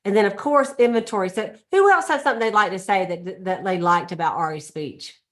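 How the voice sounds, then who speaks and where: A woman's voice: mid-range voice, a little fast, fairly bright tone. A middle-aged or older woman, leading a sales meeting in a casual, chatty way and acting out little scenes. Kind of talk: casual motivational talk.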